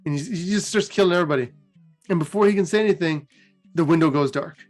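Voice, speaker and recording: A man with a high voice retells fantasy card-game lore in a casual, animated storytelling manner. Soft music plays faintly behind him. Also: quick pace. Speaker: host.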